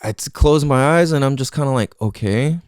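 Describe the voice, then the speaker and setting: A man's voice: medium pitch, brisk, darkish tone, smooth, no echo, studio quality. A man hosting a podcast, telling a story casually and swearing a lot. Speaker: podcast host.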